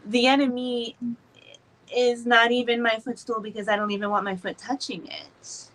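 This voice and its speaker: A woman co-hosting a podcast in casual chat, expressive, laughing often and swearing freely. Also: on the high side, normal speed, rough recording. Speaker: podcast co-host.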